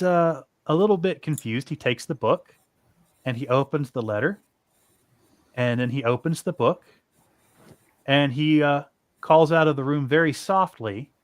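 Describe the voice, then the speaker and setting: A man narrating as game master, halting with many fillers. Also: medium pitch, dry recording, studio quality.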